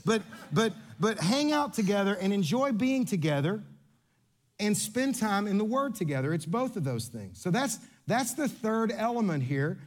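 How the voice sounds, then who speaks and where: A pastor, a man whose voice sits notably high, preaches with lively, playful energy. He jokes, repeats himself to make a point, and speaks straight to the congregation. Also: moderate pace. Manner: animated, playful, coaching volunteers on stage. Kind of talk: sermon.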